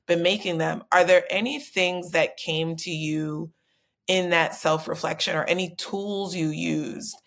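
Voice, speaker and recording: A woman hosts a podcast in a relaxed, conversational way, and her voice is quite low. She tends to ask long, meandering questions. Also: a little slow, vocal fry. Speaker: podcast host. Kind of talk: casual podcast interview.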